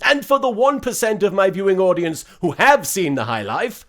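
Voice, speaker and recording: A man hosting a satirical wrestling recap, narrating with sarcastic, deadpan asides. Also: high-pitched, moderate pace. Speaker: host of a wrestling recap show.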